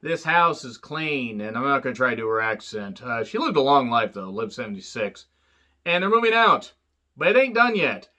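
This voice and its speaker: Speaking briskly in a sing-song, sharp-toned voice, a man recaps and reviews a film casually. The rambling, profane commentary is full of fillers and wisecracks, and he pitches up when performing quotes.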